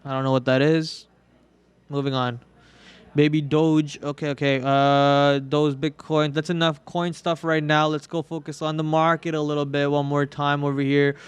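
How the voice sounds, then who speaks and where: A man's voice: fairly high pitch, flat delivery, normal speed, clear, resonant tone, dry recording. A young man hosting a live trading stream in casual commentary, joking and melodramatically whining about his losses. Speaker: trading livestream host.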